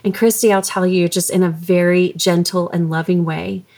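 A woman's voice: on the low side, level tone, moderate pace, darkish tone. Earnest woman host telling personal stories. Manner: earnest, emotional storytelling. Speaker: podcast host. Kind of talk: faith-based parenting interview.

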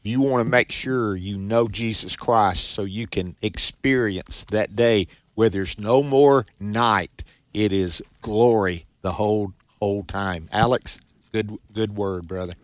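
Low-ish voiced christian radio host guy, preachy and emphatic, dry sound. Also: takes it slowly, no echo. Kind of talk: Christian call-in radio talk.

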